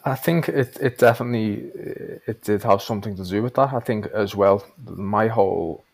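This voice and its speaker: A man from Liverpool with a strong Scouse accent and a deep, low-pitched voice. He chats casually as a podcast guest, working out his thoughts aloud with frequent false starts and restarts. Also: creaky, a little mellow. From Liverpool, England. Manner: halting, frequent restarts, plain-spoken. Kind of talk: casual interview chat.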